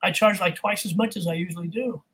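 A middle-aged man, a voice and accent coach, telling animated stories as an interview guest, laughing often and imitating people. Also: high-pitched, fast talker, slightly rough, poor audio. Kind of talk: casual interview storytelling.

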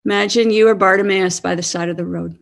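A woman in her fifties giving a sermon-style talk, earnest and animated, laughing now and then. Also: mid-range voice, quick pace, creaky. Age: 50s. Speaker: speaker.

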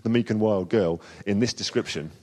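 A male preacher giving a sermon in a chatty, unscripted manner. His voice sits very low. The long reverb of a church hall follows every phrase. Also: fairly quick, a little mellow. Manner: conversational, with frequent fillers and restarts.

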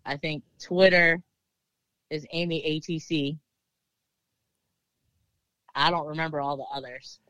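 A woman's voice: deep voice, steady tone, unhurried, pauses often, fairly bright tone, clear, resonant tone, no room sound, low-quality recording. A woman with a Southern US accent, chatting casually as an interview guest, with many fillers and frequent laughter. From Maryland.

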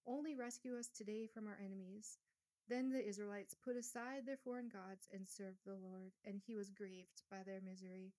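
A woman's voice: mid-range voice, warm tone. A woman leads a Bible study, reading verses aloud and then putting them in plain everyday words. Her tone stays casual and conversational between the readings. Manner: reads scripture aloud, then paraphrases in casual asides.

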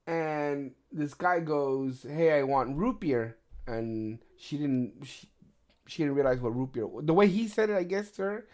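Middle-aged male host, casual storyteller, heavy cursing, animated retellings. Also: a little high, a little slow. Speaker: podcast host. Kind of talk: casual chat.

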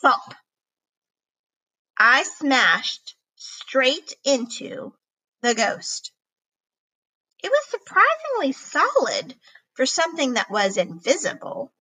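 A woman reading a children's chapter book aloud in an expressive storybook narration. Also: sits high, slow, pauses often, husky, poor audio. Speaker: reader.

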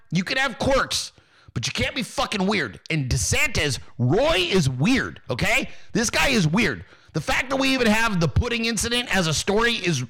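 Loud swearing male political ranter. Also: sits high. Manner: loud, mocking, swears constantly. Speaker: political commentary streamer. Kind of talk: profane ranting commentary.

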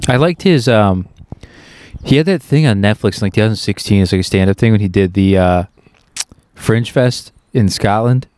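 A young man chats outdoors on a podcast at an ordinary pitch. He rambles through his stories, leaning on fillers as he goes. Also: normal speed, a little mellow. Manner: rambling, filler-heavy storytelling. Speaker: podcast co-host. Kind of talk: casual chat.

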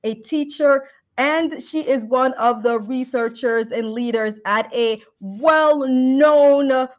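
A bubbly woman host with a fairly high voice, gushing and lively as she introduces her guest. The sound is a bit dull and lo-fi. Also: measured pace. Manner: effusive, animated, repeats praise words. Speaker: podcast host. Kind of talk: enthusiastic podcast interview.

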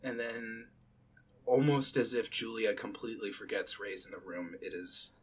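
A man's voice: on the low side, level tone, normal speed, a little hiss or hum. A man as game master, narrating a tabletop game in a casual, filler-heavy way.

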